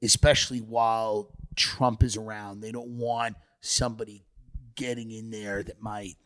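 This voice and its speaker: A man in casual comedic podcast chat, animated and riffing, laughing often. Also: lowish voice, unhurried, no room sound, studio quality. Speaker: podcast guest or co-host.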